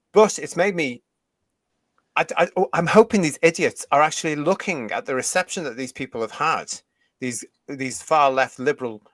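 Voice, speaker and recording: A man's voice: on the high side, a bit bright, dry recording. Indignant ranting British man. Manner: ranting, indignant, swears mildly. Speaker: podcast co-host. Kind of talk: heated casual chat.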